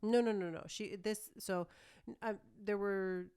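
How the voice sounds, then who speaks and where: A woman's voice: medium pitch, steady tone, unhurried, dark tone, clear, resonant tone. A woman co-hosting a podcast, chatting casually and reading a story aloud. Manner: reads a story aloud with small laughs and restarts. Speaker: podcast co-host.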